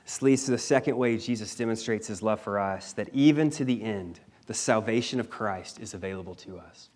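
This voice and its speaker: A man's voice: on the low side, a little fast, hardly any pauses, a little mellow. Emphatic male preacher telling a scripture story. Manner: emphatic, dramatic storytelling with shifting volume; casual slang asides. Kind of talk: sermon.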